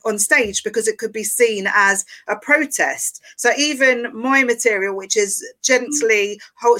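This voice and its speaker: A woman's voice: on the high side, pushed and bright. A woman co-hosting a podcast, joking wryly as she chats. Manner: joking, wry. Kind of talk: casual chat.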